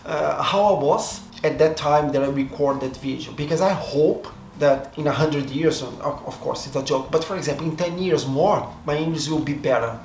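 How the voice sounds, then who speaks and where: Brazilian guy vlogging to camera, thinks out loud, restarts a lot, roomy echo and a little hiss behind. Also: fairly high pitch, normal speed, hardly any pauses. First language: Portuguese. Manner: reflective, hesitant, often restarts and rethinks his words. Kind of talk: casual monologue to camera. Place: seated in front of a camera. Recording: echoey room, faint background noise.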